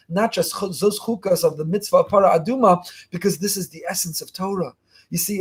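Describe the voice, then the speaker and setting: A man giving a fast, emphatic Torah lesson as a rabbi, repeating key phrases. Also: high-pitched, husky. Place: online class.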